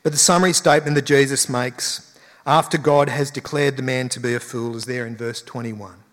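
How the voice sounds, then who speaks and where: A man's voice: mid-range voice, fairly even intonation, brisk, a bit bright. Preaching man in a reverberant hall. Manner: conversational preaching with emphatic rises. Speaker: pastor. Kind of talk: sermon.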